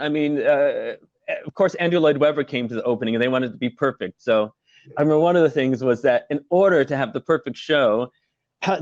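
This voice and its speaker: A man's voice: mid-range voice, no echo, muffled recording. Laughing, chatty middle-aged man on a call. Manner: chatty, laughs often, many fillers. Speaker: interview guest, former musical performer. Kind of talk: casual video-call interview.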